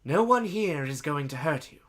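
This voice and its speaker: A man voicing a patient robed leader who speaks softly and comfortingly, reading fanfiction aloud. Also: fairly high pitch, expressive, normal speed. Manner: soft and comforting, stern when ordering.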